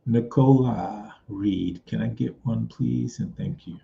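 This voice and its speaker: A man reading cards for viewers in a casual live stream, talking slowly with many pauses. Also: on the low side, vocal fry, mellow. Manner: slow, drawn-out delivery with frequent pauses. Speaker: psychic medium doing card readings. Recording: dull lo-fi sound with faint noise.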